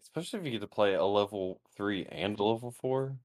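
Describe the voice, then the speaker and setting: A man hosting a casual card game podcast, calling on guests for draft picks and reading card effects calmly. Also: lowish voice, fast talker, dry recording. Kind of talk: casual chat.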